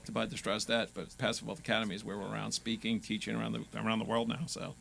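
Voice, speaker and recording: Bright, gravelly, fast-talking radio guest. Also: male voice, monotone. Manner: confident sales pitch. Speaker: guest, real estate investor. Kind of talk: radio interview. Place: radio studio.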